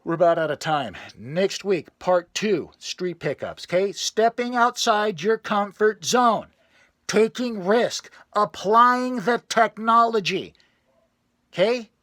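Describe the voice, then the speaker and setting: A man playing a boastful, sleazy male pickup guru in a parody self-help lecture, sinking to low murmurs and bursting into loud scat exclamations. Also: animated, slow pace, no room sound, studio quality, full character voice. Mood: hyped. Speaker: self-styled dating coach.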